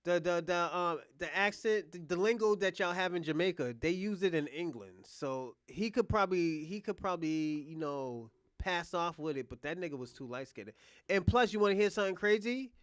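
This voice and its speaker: A man's voice: high-pitched, lively intonation, moderate pace, a bit bright, clean tone, no echo, studio quality. A man from the United States hosting a livestream, reacting to clips in a rambling, profane, casual way and talking straight to his viewers. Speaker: livestream host.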